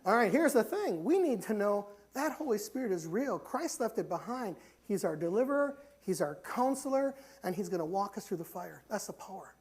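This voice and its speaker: A man's voice: high voice, animated, moderate pace, hardly any pauses, darkish tone, husky. A man preaching a sermon in a church, impassioned and repetitive, telling stories and calling his listeners forward. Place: church sanctuary.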